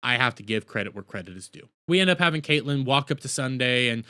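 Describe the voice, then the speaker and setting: A man's voice: medium pitch, animated, fast, pushed and bright, clear, resonant tone. A man casually recapping and reviewing a TV episode, rambling and sarcastic, openly exasperated.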